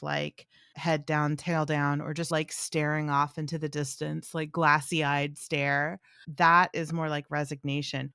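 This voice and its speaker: A woman's voice: deep voice, a bit bright, smooth, no echo, clean studio sound. A woman co-hosting a podcast about dogs, talking animatedly with lots of "like" and playful dog voices. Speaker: podcast co-host, dog trainer. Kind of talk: casual conversational chat.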